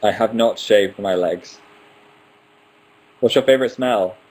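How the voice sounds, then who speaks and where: A livestream host in his twenties speaks in a lowish, slightly mellow, husky voice at a measured pace, on a rough recording. He's running a casual live stream, reading viewer questions aloud and answering each in turn with playful asides.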